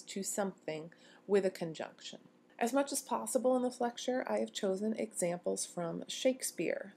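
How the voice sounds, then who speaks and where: Woman, grammar lecturer, measured delivery, faint background hiss. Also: mid-range voice, dark tone. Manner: clear, measured explanation, slowing to read quotes. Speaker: university English lecturer.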